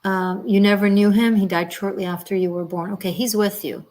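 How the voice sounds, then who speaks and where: A woman reading tarot cards on a live stream, her talk rambling and broken by fillers and restarts. She speaks gently and reassuringly, sounds moved almost to tears, and keeps a voice of middling pitch. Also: steady tone, a little fast. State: emotional, near tears. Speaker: tarot reader.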